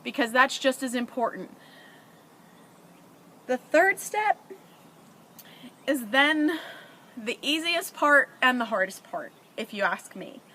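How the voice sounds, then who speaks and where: A woman's voice: sits high, animated, slow, long pauses, pushed and bright. A middle-aged woman talking earnestly and emotionally to her viewers, sharing parenting advice in a conversational way. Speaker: parent vlogger. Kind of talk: heartfelt advice to camera.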